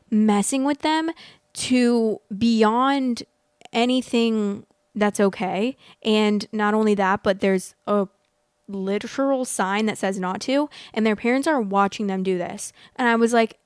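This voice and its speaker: A young woman hosting a show, telling a heated personal story in a casual, animated way full of fillers. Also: mid-range voice, clear, resonant tone, no room sound, clean studio sound. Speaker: podcast host reading stories.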